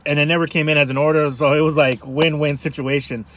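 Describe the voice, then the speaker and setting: A man food vlogger telling a rambling, animated story to camera from a parked car. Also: a little high, quick pace, a little hiss or hum. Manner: rambling, animated, self-interrupting.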